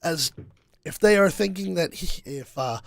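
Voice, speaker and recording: A man's voice: on the high side, expressive, unhurried, gravelly, no room sound. A man voicing a polite, worried young male noble in a tabletop game. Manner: polite, fretful.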